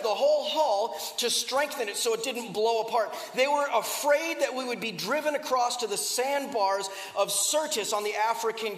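High-voiced preacher in an echoey hall. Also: male voice, a bit bright. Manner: conversational storytelling with rhetorical questions. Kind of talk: sermon. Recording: echoey hall with long reverb.

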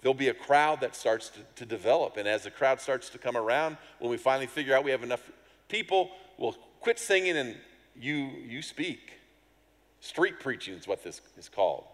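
Animated male preacher in a reverberant hall. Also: mid-range voice, moderate pace. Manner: animated storyteller, acts out voices and sounds, self-deprecating humor. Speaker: pastor. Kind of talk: sermon with a personal story.

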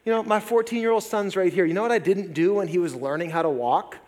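A man in his forties preaching a sermon as pastor, lively and conversational with jokey asides. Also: high-pitched, quick pace. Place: church sanctuary. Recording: long reverb of a large hall.

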